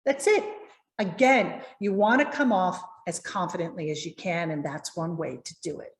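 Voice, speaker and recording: A woman presentation coach giving lively, encouraging tips to viewers over a video call. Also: on the low side, moderate pace, roomy sound.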